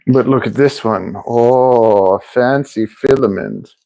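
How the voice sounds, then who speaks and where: Male streamer, casual and rambling, average pitch, at home. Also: slow pace, gravelly, dark tone, poor audio. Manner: chatty, rambling, often restarts sentences and laughs at himself. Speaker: streamer and drone builder. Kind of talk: casual live-stream chat. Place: indoors at home, near a kitchen sink.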